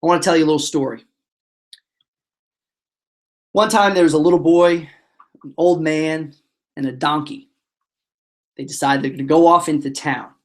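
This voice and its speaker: A man presenting a motivational webinar, telling stories in a lively way and acting out the voices of the characters. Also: a little high, moderate pace, pauses often. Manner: animated storyteller, acts out voices. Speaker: motivational speaker.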